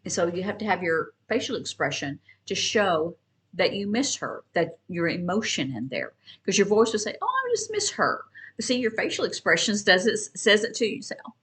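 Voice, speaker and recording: A woman teaching sign language, explaining in a casual, conversational way with pauses and restarts. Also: lowish voice, animated, fairly bright tone. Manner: conversational, with fillers and restarts, shifting between quick and slow. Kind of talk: casual instructional talk.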